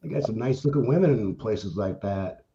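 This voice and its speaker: A former truck driver with a mellow, warm voice talks in a halting way, often restarting his sentences. The audio is dull and muffled. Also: fairly low pitch, lively intonation. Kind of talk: casual chat.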